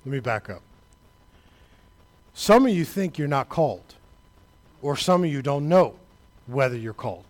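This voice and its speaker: Preacher man swinging from quiet to shouting. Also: animated, unhurried, long pauses. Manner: builds to shouting climaxes, then drops low and quiet; conversational, addresses the congregation directly. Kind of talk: sermon.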